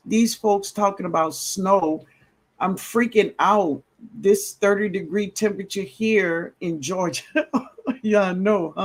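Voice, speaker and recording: A man hosting a casual gardening livestream, greeting viewers warmly and reading out their comments with a relaxed drawl. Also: high voice. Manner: drawling, greets viewers as baby, laughs often. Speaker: livestream host. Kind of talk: casual live-stream chat reading comments.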